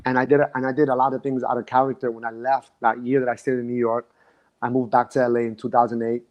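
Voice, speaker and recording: A man's voice: medium pitch, flat delivery, quick pace, lo-fi sound. A man, a dance instructor, recalling his past in a reflective, emotional way and often restarting his sentences. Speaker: guest. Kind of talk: casual conversation.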